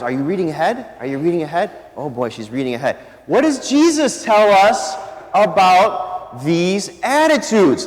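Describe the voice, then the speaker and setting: Male deacon, high voice, playful interactive homily, reverberant church. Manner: playful, quizzing the congregation. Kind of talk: interactive homily with young volunteers. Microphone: handheld microphone. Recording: echoey church with long reverb.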